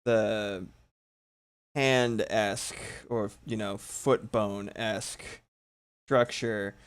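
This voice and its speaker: Tired dude rambling and cussing while he draws on stream, mid-pitched voice, pokes fun at himself. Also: clean tone. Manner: swears freely, rambling and self-mocking. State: sleepy, yawning. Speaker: streamer drawing live. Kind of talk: casual chat while drawing.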